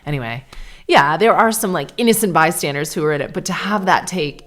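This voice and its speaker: Woman, forties, low voice, podcast host, candid, sarcastic. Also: expressive, a little fast, fairly bright tone. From Canada. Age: 40s. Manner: candid, chatty, sarcastic asides. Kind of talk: casual solo podcast chat.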